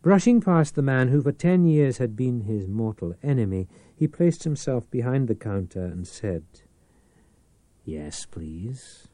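A man narrating a novel in a measured, dramatic storytelling manner. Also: mid-range voice, expressive, warm tone, no echo. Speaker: audiobook narrator. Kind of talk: scripted narration.

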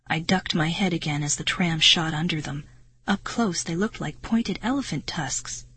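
A woman's voice: low-pitched, normal speed, bright, forceful tone, breathy edge. A woman narrating a first-person children's adventure story in a suspenseful, dramatic reading voice. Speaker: audiobook narrator.

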